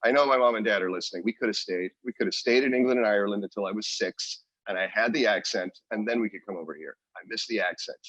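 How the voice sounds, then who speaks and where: A man's voice: lowish voice, fast, few pauses, fairly bright tone, dry recording, low-quality recording. A man from Canada co-hosting a podcast, chatting casually and rambling with self-mocking jokes. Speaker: podcast co-host. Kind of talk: casual chat.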